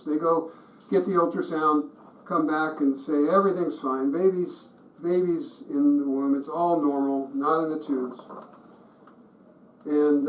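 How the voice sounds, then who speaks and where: A middle-aged man with a somewhat raised voice teaches a group through chatty stories and often stops to restart a thought. The mic is some distance away, so the room's echo surrounds him. A faint hiss sits under the recording. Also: a little high. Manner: conversational and anecdotal, with frequent restarts and chuckles. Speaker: pro-life ministry teacher. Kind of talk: storytelling teaching talk. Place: meeting room with a group.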